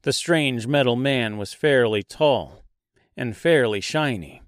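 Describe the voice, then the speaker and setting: A man narrating a dark fantasy audiobook in a slow, deliberate storytelling manner. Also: mid-range voice, no room sound, studio quality.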